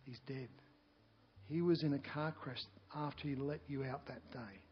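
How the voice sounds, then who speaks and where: A man voicing a grieving widow in her fifties within a sermon story, quiet, broken and slowing down. A guitar plays faintly behind. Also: mid-range voice, dull audio, a little hiss or hum, close to an everyday voice.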